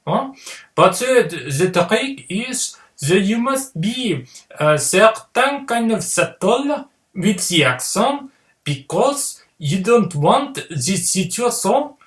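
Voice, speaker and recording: A man doing a haughty mock-French guy, put-on French accent, pitched way up, roomy echo. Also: sing-song, slow, a bit bright, heavily acted. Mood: pompous. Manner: haughty, sprinkles French words.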